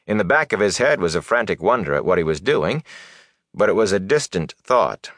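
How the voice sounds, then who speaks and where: A man reads a fantasy novel aloud in a low, deep voice. His delivery is dramatic and his pitch swings widely. The sound is close and dry, with no room around it. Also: a little fast, no echo. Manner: expressive, dramatic. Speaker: audiobook narrator. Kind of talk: scripted fantasy narration.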